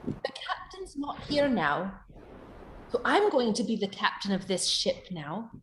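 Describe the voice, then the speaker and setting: A woman voicing a gentle adventurer who speaks quietly and coaxingly. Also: mid-range voice, very animated, unhurried, a little hiss or hum. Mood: soothing.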